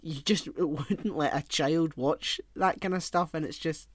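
A man's voice: a little high, a little slow, no room sound, clean studio sound. A young man co-hosting a podcast in casual chat, rambling, laughing often and swearing offhandedly. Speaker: podcast co-host.

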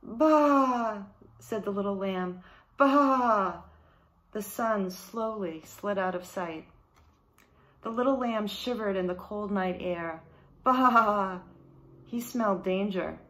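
A woman reads a Bible storybook aloud for children, leaning into a slow, clear read-aloud delivery. Her pitch sits in an ordinary middle range, and she takes her time over each sentence. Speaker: children's ministry teacher.

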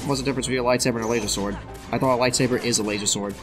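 A man commentating a video game casually, excitable, swearing and tripping over his words. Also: medium pitch, rapid-fire. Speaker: let's play commentator. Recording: background game music.

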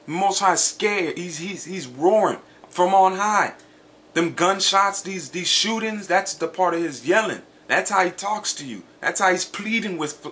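His voice is high, pushed and bright as he preaches and reads scripture with emphasis. He drops in "okay?" and "man" often and slows down to lean on key words.

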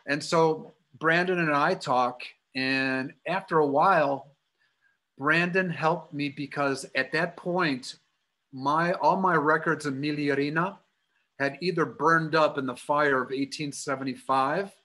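A man's voice: a little high, steady tone, measured pace, bright, forceful tone. A man with a Chicago accent giving a storytelling library talk as a guest speaker, full of anecdotes. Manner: anecdotal, acts out quoted voices.

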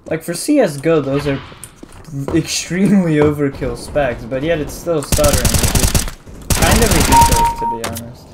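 A woman gamer giving casual commentary while playing, muttering in frustration with quick outbursts. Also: deep voice, heavy background noise. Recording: loud game gunfire over voice. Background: gunfire and shots from the game.

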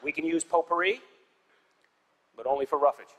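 A man with a fairly high voice and a slightly fast delivery does a stand-up set on a theater stage. His storytelling leans on dry, punchy one-liners, captured with live hall reverb and audience noise.

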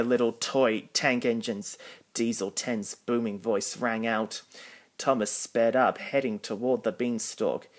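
A man reading a children's storybook aloud in a plain, even narration. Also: medium pitch.

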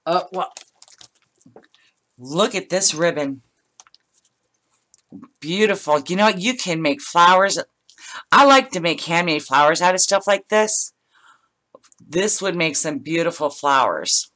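Fairly low and expressive, her slightly bright voice moves slowly with frequent pauses. The middle-aged woman, a craft vlogger, chats casually as she unboxes craft mail at home, often gushing and laughing.

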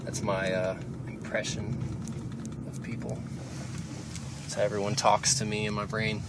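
Young male vlogger, rambling, profane talk from a moving car, clear road noise under the phone mic. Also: fairly low pitch, little pitch movement, measured pace, pauses often. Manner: rambling, swearing, offhand. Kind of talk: casual rambling vlog. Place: inside a car, driving. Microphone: phone camera held while driving. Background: engine and road noise.

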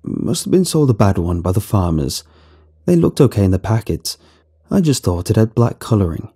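A man's voice: on the low side, very animated, moderate pace, mellow, breathy edge, heavily acted. A man voicing a sarcastic male schoolteacher who scolds his class in a dry, commanding way. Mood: nervous.

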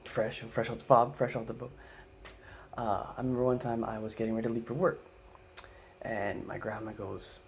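A man telling a comic family story in an animated way, acting out the quotes. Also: mid-range voice, normal speed, vocal fry, long pauses, slight background noise. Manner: animated, acts out quotes, laughs. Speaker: vlogger, comedic storyteller. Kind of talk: comedic storytelling.

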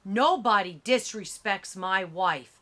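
A woman's voice: mid-range voice, takes it slowly, a bit bright. A woman reading the lines of violent, threatening men in an audiobook, with a raised, snarling delivery. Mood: menacing. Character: menacing white men, violent attackers.

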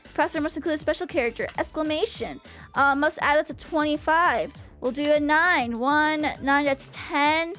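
High-voiced bubbly woman streamer. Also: normal speed, fairly bright tone, soft background music. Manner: bubbly, chatty, swears casually, rambles. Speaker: VTuber streamer. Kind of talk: casual livestream chat with viewers.

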